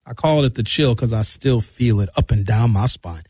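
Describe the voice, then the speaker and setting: A man's voice: medium pitch, moderate pace, breathy edge, no echo. Fifty-something man, dry close sound. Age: 50s. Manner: animated storytelling with shouted impressions. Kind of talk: casual monologue.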